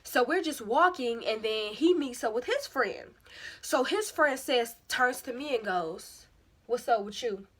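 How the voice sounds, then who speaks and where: Bright-voiced young woman telling stories. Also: high voice, measured pace. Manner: animated, slangy, self-mocking. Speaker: vlogger. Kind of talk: casual storytelling.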